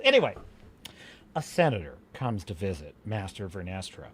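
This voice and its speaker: A man's voice: deep voice, very animated, moderate pace, fairly bright tone. A male podcast host ranting passionately on a livestream, emphatic and full of restarts. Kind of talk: livestream commentary rant.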